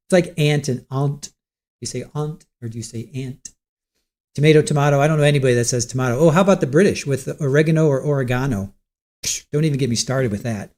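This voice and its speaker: A man's voice: medium pitch, brisk, darkish tone. A man from Ohio hosting a casual livestream, chatting and reading out viewer comments. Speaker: livestream host. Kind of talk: casual live-stream chat.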